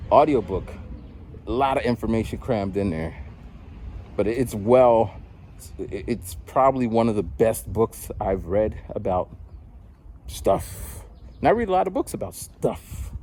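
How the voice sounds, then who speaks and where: A man's voice: medium pitch, a little mellow. A man in his forties rambling casually to the camera while out on a walk, switching into other people's voices to act them out. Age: 40s. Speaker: vlogger and rapper. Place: outdoors on a walk.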